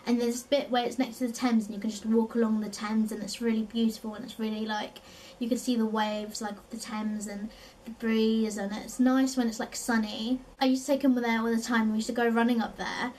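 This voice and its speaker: A young woman with a South East London accent, her voice sitting a little high, talks casually to the camera and keeps dropping in "like". She sounds a bit away from the mic, with a faint hum in the room behind her. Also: distant mic, rough recording. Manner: chatty, lots of "like" fillers, laughs often. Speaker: vlogger. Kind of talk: casual chat.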